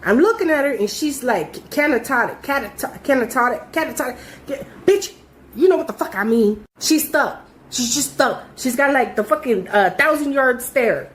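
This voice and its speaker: Profane, animated young woman storyteller. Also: high voice, normal speed, slight background noise. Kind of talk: casual storytime.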